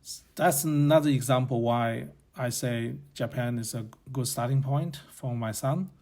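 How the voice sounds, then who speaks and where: Speaking at a moderate pace in a darkish, mid-range voice, this podcast host, a native Chinese speaker, thinks out loud in a casual opinion monologue. He comes across as blunt and opinionated, rambling and self-correcting as he goes.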